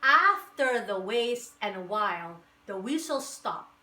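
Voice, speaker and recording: A woman reading a children's picture book aloud with lively, rhythmic, sing-song storytelling. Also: medium pitch, slow pace. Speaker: storybook reader. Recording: echoey room.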